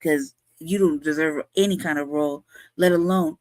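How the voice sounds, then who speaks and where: A man's voice: on the high side, fairly even intonation, normal speed, darkish tone, dry recording. A man co-hosts a commentary show, firing back agreement and swearing freely. The sound is close and dry. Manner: profane, heated, affirming. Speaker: co-host. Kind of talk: commentary podcast.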